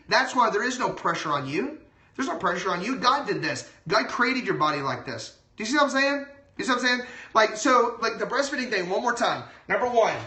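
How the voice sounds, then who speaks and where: A man who is a doctor chats excitedly on a phone livestream. His voice is bright and forward, and the room echoes around him. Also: high voice. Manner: excited, chatty, lots of asides. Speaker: doctor giving health advice. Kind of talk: casual livestream talk.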